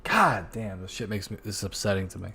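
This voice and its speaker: A man's voice: low-pitched, completely flat delivery, very fast, vocal fry, a little hiss or hum. A man hosting a podcast, reacting to a clip with sarcastic, angry and profane commentary.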